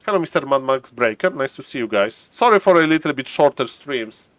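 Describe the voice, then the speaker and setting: A man giving chatty, excitable live commentary on a strategy game stream, laughing often and restarting his phrases. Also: mid-range voice, a little fast, no echo.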